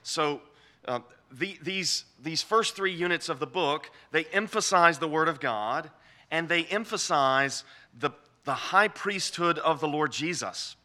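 A man giving a measured lecture on scripture, explaining the text step by step and often restarting his phrases. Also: fairly high pitch, expressive, bright, forceful tone. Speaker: Bible teacher.

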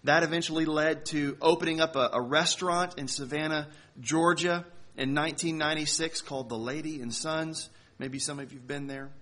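A man delivering a sermon to a congregation, telling a story in a conversational way with slow, emphatic phrasing. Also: fairly high pitch, fairly even intonation, bright, forceful tone. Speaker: pastor.

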